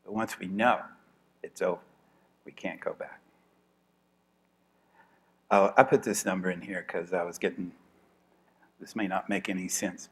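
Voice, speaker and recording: A man's voice: deep voice, steady tone, unhurried, pauses often, a bit bright. A man giving an informal evening lecture to a class. He talks in a chatty way, laughs often and thinks aloud with restarts.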